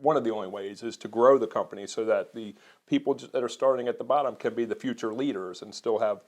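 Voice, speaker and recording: A business co-owner from Maryland talking earnestly as an interview guest, measured and a little halting. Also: male voice, medium pitch, darkish tone. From Maryland, USA. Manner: measured, earnest, repeats words when restarting. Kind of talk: conversational interview.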